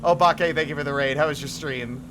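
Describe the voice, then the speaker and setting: A man's voice: medium pitch, fairly even intonation, fast talker, background noise. A man streaming a driving game live, chatting casually with his viewers, joking and swearing freely. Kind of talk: casual live gameplay chat. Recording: game music behind the voice.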